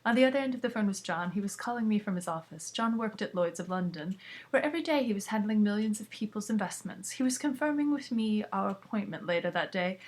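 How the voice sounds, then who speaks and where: A woman's voice: mid-range voice, lively intonation, quick pace. A woman casually reading a book aloud, with asides and self-corrections. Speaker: reader.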